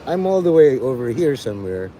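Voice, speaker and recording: A man's voice: medium pitch, sing-song, fairly quick, warm tone, a little hiss or hum. A man livestreaming, rambling and teasing his chat, breaking into mock-angry, swearing rants.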